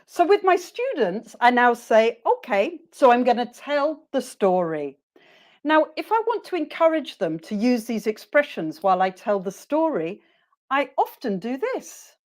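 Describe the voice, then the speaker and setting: A woman teacher trainer leading a webinar, encouraging her listeners and modelling phrases slowly for them to repeat. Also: on the high side, very animated, darkish tone.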